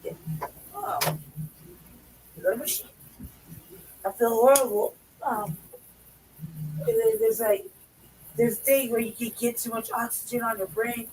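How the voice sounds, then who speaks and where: A sick woman in pain who keeps coughing, talking in a quiet, half-whispered, rambling way as a guest on a talk stream. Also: a little high, a little slow, long pauses, far from the mic, slight background noise, low-quality recording.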